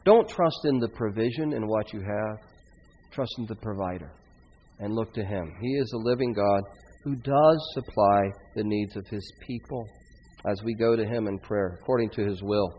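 A pastor preaches a sermon. He tells the story dramatically, swelling loud when he quotes the people in it and dropping quiet for reflection. The sound is dull and lo-fi, with long reverb from the church hall. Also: lowish voice, normal speed, a little hiss or hum. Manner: dramatic, rising and falling loudness when quoting scripture figures. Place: church sanctuary.

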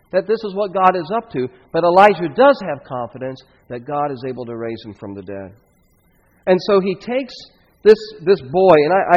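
A pastor preaches a sermon. He tells the story dramatically, swelling loud when he quotes the people in it and dropping quiet for reflection. The sound is dull and lo-fi, with long reverb from the church hall. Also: a little high. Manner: dramatic, rising and falling loudness when quoting scripture figures. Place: church sanctuary.

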